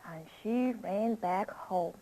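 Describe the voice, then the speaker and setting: A woman telling a children's story slowly and expressively, asking listeners questions. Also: medium pitch, dark tone, rough recording.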